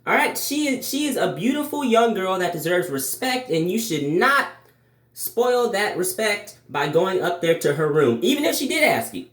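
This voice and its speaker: A man's voice: high voice, sing-song, normal speed, a bit bright, roomy sound. A man voicing an earnest, lecturing angel on his shoulder.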